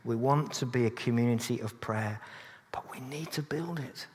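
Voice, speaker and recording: A man preaching to his congregation, earnest and steady at a middling pitch, slipping in dry jokes at his own expense. His voice rings out into a church with a long, lingering reverb. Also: moderate pace, a little hiss or hum. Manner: earnest, with dry humorous asides. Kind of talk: sermon.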